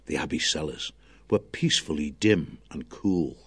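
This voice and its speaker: A man narrating an audiobook in a measured storytelling manner. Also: a bass voice, lively intonation, husky.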